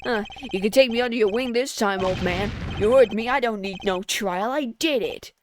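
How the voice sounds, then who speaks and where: A woman's voice: mid-range voice, moderate pace, noisy background, natural voice. A woman doing a brash young gangster guy. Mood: defiant. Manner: boastful, tough-talking. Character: cocky young male gangster son, brash. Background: game music.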